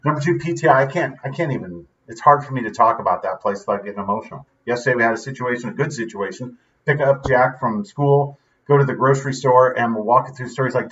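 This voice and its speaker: A man talks to camera in a casual, heartfelt way, wandering between thoughts and checking in with "right?". His voice sits at a middle pitch and is picked up from a distance. The audio sounds dull and muffled. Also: quick pace, a bit bright. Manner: earnest, rambling, frequent "right?" asides. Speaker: vlog host. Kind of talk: casual motivational talk.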